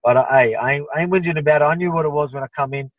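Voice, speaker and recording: An Australian man in his thirties talks in a pumped-up, restless rush, circling back with fillers and repeats. His voice sits a touch high. It comes through a thin, phone-like video call line with no room sound. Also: very fast, no room sound. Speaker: interview guest, fighter. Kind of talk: remote interview answers. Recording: tinny phone-like line, dry.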